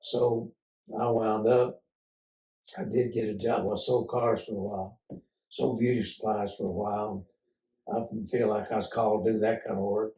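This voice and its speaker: An older man, low and mellow, recalling his past as an unhurried, folksy storyteller. He heads into his tales with frequent "uh" pauses. His voice sounds roomy and set back from the mic. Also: flat delivery, distant mic. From Oklahoma. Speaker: interview guest. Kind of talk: casual storytelling interview.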